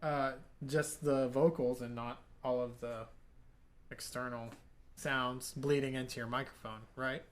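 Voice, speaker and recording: A man's voice: mid-range voice, steady tone, measured pace. A man co-hosting a livestream, chatting casually and mostly answering with short, hesitant agreement. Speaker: livestream co-host. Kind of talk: casual chat.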